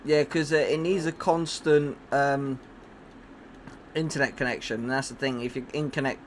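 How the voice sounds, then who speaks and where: A man's voice: mid-range voice, steady tone, normal speed, a little hiss or hum. A man streaming live, chatting casually and rambling with many restarts and fillers. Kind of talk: casual chat on a livestream.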